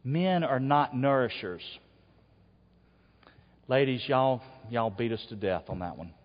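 A man preaching a sermon, dropping to quiet asides and then rising to loud shouts. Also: mid-range voice, expressive, measured pace. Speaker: pastor. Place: church sanctuary. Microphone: wearable mic. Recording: dull, long hall reverb.

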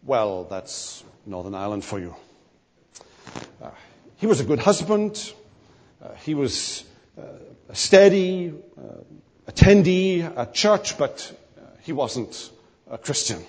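A male preacher delivers his sermon with a lively, swooping voice and a husky edge. His emphasis climbs and falls. His words ring out with a long reverb, as in a large hall. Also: mid-range voice, slow pace, pauses often. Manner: animated, emphatic preaching with rising and falling emphasis.

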